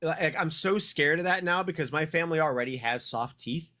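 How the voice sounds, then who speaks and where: A man's voice: on the high side, brisk, pushed and bright. A man in his thirties, a podcast co-host telling a long rambling story in casual chat, swearing and laughing often.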